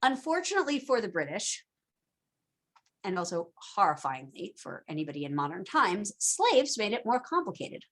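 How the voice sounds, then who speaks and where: A woman's voice: medium pitch, very animated, moderate pace, fairly bright tone. A woman teaching a casual recorded lecture, chatty and full of asides and fillers.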